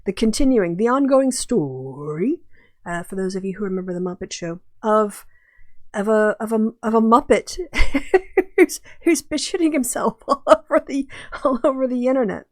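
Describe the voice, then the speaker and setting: A woman's voice: on the high side, expressive, moderate pace, no room sound, studio quality. A woman hosting a casual video commentary, chatty and often breaking into laughter. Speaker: host.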